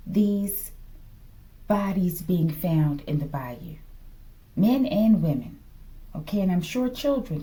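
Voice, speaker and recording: A woman with a slight lisp talks through a tarot reading at a slow, unhurried pace. Her voice is soft and mellow. She speculates out loud and keeps addressing her listeners as "collective". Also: lowish voice. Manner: speculative, repeats "collective" and "okay?"; slow, drops to whispers at times. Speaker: tarot reader. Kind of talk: casual tarot reading to viewers.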